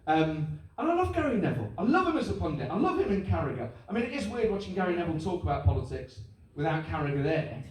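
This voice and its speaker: Animated stand-up comedian. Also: male voice, a little high, fast talker, few pauses. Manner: animated, mimics voices and accents for laughs. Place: live venue with audience. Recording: echoey live room, mic heard from a distance.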